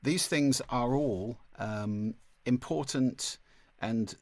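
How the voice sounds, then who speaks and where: A man teaching a masterclass on speaking, with a clear, deliberate delivery and occasional vocal demonstrations. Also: medium pitch, a little mellow, no echo. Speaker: speaking coach. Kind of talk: online masterclass lesson.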